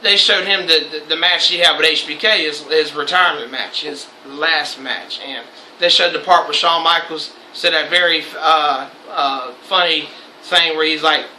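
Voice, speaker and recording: Young man, host, casual chat, sharp bright tone, roomy echo. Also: a little high, normal speed, a little hiss or hum. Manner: loose, swearing, laughs often. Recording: echoey room.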